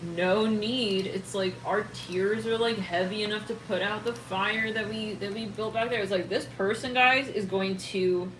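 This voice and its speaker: Woman tarot reader, chatty and excitable, mid-pitched, recorded in an echoey room with steady background noise. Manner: excitable, rambling, laughs often and trails off. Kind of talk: casual tarot reading to camera.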